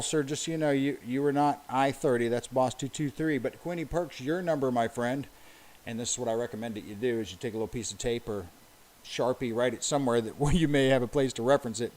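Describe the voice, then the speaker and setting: A man hosting a casual livestream, calling out bingo numbers and viewer names in a chatty, upbeat way. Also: on the high side.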